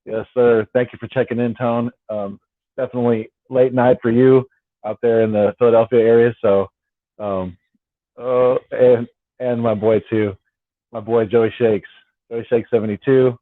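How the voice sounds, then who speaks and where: Streaming late at night for fans from home on the West Coast, this man rambles casually and keeps repeating his words. He has a mid-range voice, a flat delivery, and a normal speed. The audio is dry and phone-like with no echo.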